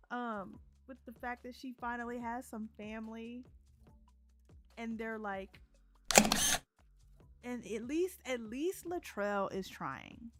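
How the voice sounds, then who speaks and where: A woman's voice: a little high, slow, pauses often, over music. A woman streaming a life-sim game, chatting casually, giggling often and narrating what her characters think and say. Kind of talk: casual let's-play commentary.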